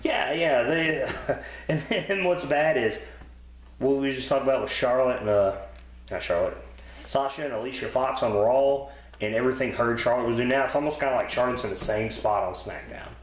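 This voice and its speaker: A man's voice: medium pitch, moderate pace. Rambling, swearing male podcast host. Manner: rambling, profane, filler-heavy. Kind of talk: casual wrestling review chat. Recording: roomy echo.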